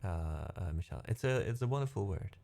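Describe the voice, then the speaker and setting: A brisk, animated man with a gravelly, warm voice on the low side. As a music streamer who isn't a native English speaker, he chats casually with his audience between piano pieces, rambling on, fixing his own words, and laughing a lot.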